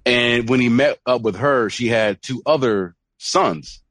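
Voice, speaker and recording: A man's voice: mid-range voice, measured pace, dry recording. A man co-hosting a podcast, chatting casually and telling a story with lots of acted-out quotes. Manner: animated storytelling, acts out quoted voices. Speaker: podcast co-host. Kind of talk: casual chat.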